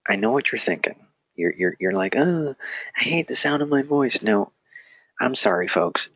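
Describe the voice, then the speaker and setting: Here a man with a low voice, vocal fry and a fairly bright tone gives a casual live lecture online, with no echo. He feels a little weak, and his teaching is rambling and self-deprecating, full of restarts and digressions.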